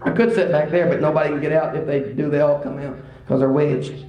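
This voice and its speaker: A preacher delivering a sermon at a church service, his fairly high male voice echoing around the sanctuary. He tells a story and climbs to excited exclamations. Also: fairly quick, dull audio.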